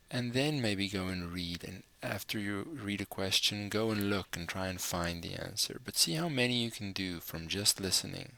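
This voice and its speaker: A man gives a recorded language lesson, saying new words slowly and repeating each one. His voice is low, gravelly and bright-edged. The room sounds dry and close. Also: dry recording. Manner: patient, spells out words slowly and repeats them. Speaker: language teacher.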